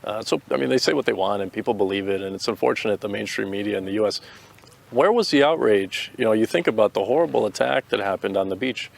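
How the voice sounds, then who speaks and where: A man's voice: on the low side, very fast, vocal fry, hardly any pauses. An American man answering interview questions outdoors, earnest and opinionated, often restarting his sentences. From United States. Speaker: interviewee, volunteer fighter.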